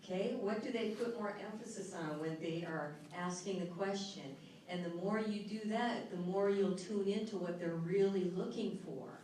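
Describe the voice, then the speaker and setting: Woman workshop speaker, middle-aged, calm guiding voice turning emphatic, heard from far off in a boomy hall. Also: normal speed. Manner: soothing, guiding, then lively and emphatic. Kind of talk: live talk with guided relaxation exercise. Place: large echoey hall. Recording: echoey hall, voice from far off, faint noise.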